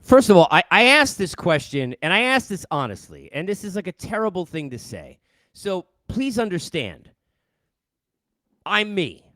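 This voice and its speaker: Animated New man ranting, high voice. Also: unhurried, no echo. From New York. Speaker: podcast host. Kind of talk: solo sports rant. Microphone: headset.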